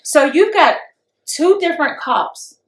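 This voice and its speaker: A woman co-hosting a casual podcast chat, telling stories with animated quoted voices. Her voice sits a little high, and the room is noticeably echoey. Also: slow. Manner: animated storyteller, acts out quotes with rising pitch. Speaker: podcast co-host. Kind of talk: casual discussion.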